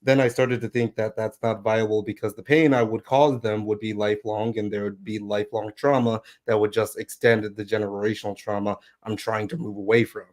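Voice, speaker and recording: Southern male co-host, low voice, reads news items, earnest opinions. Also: little pitch movement, brisk, hardly any pauses, a little mellow. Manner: reads news aloud, thoughtful, defends opinions. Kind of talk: casual podcast chat.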